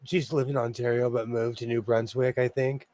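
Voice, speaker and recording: A man's voice: medium pitch, little pitch movement, a little fast, a little mellow, no echo. A man hosting a casual sewing livestream, chatty and rambling, laughing often. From Los Angeles area. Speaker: host.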